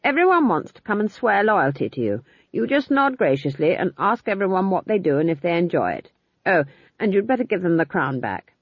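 Woman doing a stern old witch, firm, brisk, husky, dry lo-fi audiobook. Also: fairly low pitch, sing-song, dry recording. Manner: firm, brisk, matter-of-fact. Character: stern older female witch, firm and commanding. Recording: slightly dull lo-fi recording.

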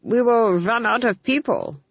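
A woman's voice: a little high, a little slow, dry recording, pitched above the performer's own voice. A woman voicing a paranoid, confused male duke who mutters fretfully, in a dull lo-fi recording. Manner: muttering, fretful, easily lost.

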